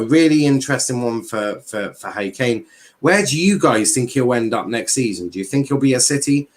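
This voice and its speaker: A young man hosting a casual football livestream, bantering with chat, swearing and reading transfer news aloud. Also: medium pitch.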